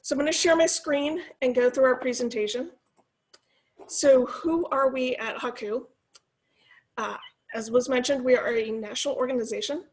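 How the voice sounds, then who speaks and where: California woman in her 40s talking to students on a video call, bit high voice, lively storyteller. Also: normal speed. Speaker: guest speaker. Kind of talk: presentation to students.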